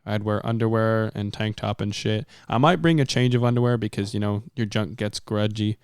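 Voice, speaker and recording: A man's voice: fairly low pitch, brisk, clean tone, no echo, studio quality. A young man hosting a podcast, rambling casually and cursing now and then. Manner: rambling, laid-back, swears casually. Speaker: podcast host. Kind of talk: casual chat.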